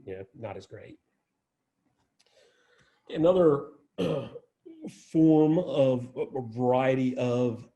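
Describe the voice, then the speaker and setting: An arboretum director gives an informal talk about plants in a medium-pitched, dark-toned voice. He keeps it conversational, often restarting sentences and wandering into asides.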